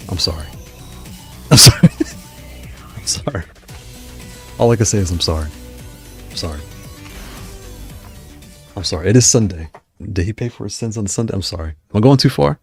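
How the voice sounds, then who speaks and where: A man casually commenting on his fighting game matches, trash-talking opponents and then apologizing. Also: deep voice. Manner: playful trash talk, quick apologies. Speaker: gaming streamer.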